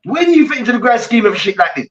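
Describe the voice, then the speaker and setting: A man's voice: very high-pitched, very animated, racing, distant mic, dull audio. A man co-hosting a heated sports debate, ranting animatedly with lots of slang and swearing. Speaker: co-host.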